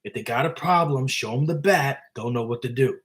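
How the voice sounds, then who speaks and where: Guy doing a gruff streetwise pizza-shop mobster, barking orders. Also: mid-range voice, brisk, fairly bright tone, close to an everyday voice. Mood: commanding. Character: gruff Italian pizzeria mobster, middle-aged man.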